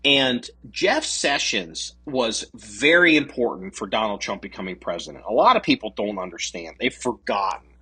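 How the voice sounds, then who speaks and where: Man, podcast co-host, casual political chat, profane, lively intonation, husky voice. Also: lowish voice, normal speed, hardly any pauses. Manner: profane, animated, mocking voices of others.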